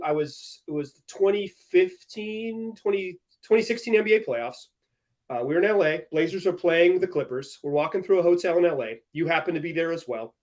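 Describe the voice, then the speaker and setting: A young man hosting a sports podcast, telling stories energetically and laughing as he goes. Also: on the high side. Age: young adult. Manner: energetic, animated, laughing storyteller. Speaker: podcast host. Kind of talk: casual sports podcast chat.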